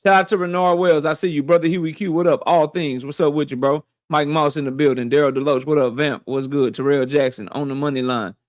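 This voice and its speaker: A man's voice: on the high side, fairly even intonation, brisk, hardly any pauses, no echo, studio quality. A man hosting a boxing livestream, casually greeting chat members one by one in a slangy, playful way.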